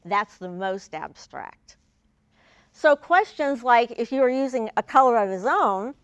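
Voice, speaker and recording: A woman's voice: fairly high pitch, fairly bright tone, dry recording. Woman presenting a teaching talk. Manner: clear, deliberate, stresses key words. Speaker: presenter of a training video. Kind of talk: instructional talk to educators. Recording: dull lo-fi sound, dry.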